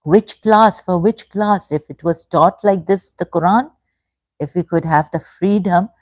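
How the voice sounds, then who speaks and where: Slow, low-voiced woman in her fifties. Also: no room sound. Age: 50s. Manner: hesitant, halting, many fillers and restarts; emotional, effusively grateful. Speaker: livestream host. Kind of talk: casual livestream chat reading comments.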